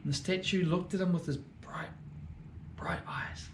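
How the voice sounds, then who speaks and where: A man reading a story to children, swinging between loud and hushed lines. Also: high-pitched, fairly even intonation, fairly quick, slight background noise. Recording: echoey room.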